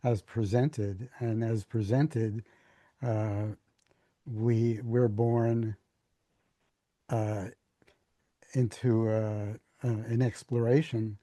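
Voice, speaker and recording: An older man with a dark, mellow voice answers thoughtfully as a spiritual teacher. He speaks slowly and haltingly, repeating words as he searches, with a touch of dry humor. The sound is close and completely dry. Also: lowish voice, fairly even intonation, no echo. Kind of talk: reflective conversational answers.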